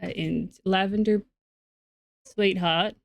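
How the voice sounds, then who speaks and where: A woman's voice: mid-range voice, steady tone, takes it slowly, creaky. A woman streaming a game, chatting playfully with her viewers and often repeating words as she talks. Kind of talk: casual chat with stream viewers.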